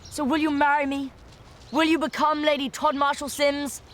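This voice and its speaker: A woman's voice: high-pitched, level tone, moderate pace, fairly bright tone, slight background noise. A woman voicing a pompous, upper-class twelve-year-old boy with a plummy, theatrical manner. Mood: gushing.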